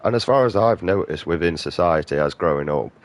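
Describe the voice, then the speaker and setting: A British gaming streamer in his thirties, with an extremely deep voice, rants profanely and ramblingly over his video game. Combative, expressive and brisk, he leaps from one gripe to the next.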